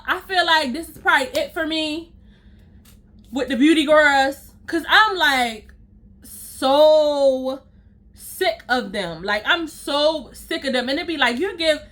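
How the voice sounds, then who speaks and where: A young woman vents a storytime straight to her viewers in a high, sharp, bright voice. She is blunt and exasperated and swears freely as she rants. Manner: exasperated, blunt and profane, talks straight to "y'all". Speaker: storytime vlogger. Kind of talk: casual storytime rant to viewers.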